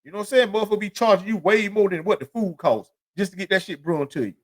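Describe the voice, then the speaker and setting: A man's voice: high-pitched, very fast. A man hosting his own show, telling his life story in a casual, profane, streetwise monologue. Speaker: podcast host.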